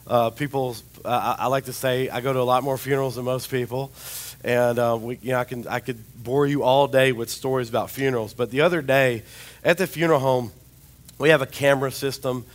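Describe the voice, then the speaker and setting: A man preaching a sermon, with a chatty, rambling storytelling manner and a slightly hoarse voice. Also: mid-range voice, fairly even intonation, brisk. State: hoarse, recovering voice.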